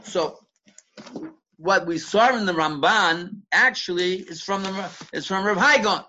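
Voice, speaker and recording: A man's voice: sits high, unhurried, sharp tone, slight background noise. A man teaching a Torah study class, explaining step by step and quoting Hebrew and Aramaic sources, often restarting words as he thinks. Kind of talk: Talmudic study lecture. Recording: dull lo-fi recording.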